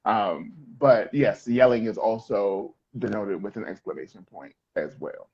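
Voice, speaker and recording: A man's voice: fairly low pitch, expressive, unhurried, darkish tone, slightly rough, lo-fi sound. A male middle school teacher explaining sentence types, joking and quizzing his students. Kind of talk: classroom lesson.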